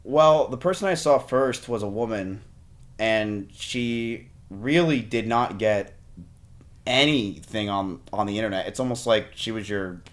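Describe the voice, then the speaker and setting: A man's voice: lowish voice, unhurried. A young man, a streamer, talking candidly and rambling, often acting out what other people said to him. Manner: rambling, animated, mimics others mid-story. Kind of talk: candid conversation.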